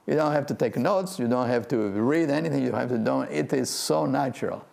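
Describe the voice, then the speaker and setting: Gravelly older man teaching breath meditation. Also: mid-range voice, a little fast. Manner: gentle, playful, laughs often. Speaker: quantum physics professor and meditation teacher. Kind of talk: guided meditation talk. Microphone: video talk to a remote audience.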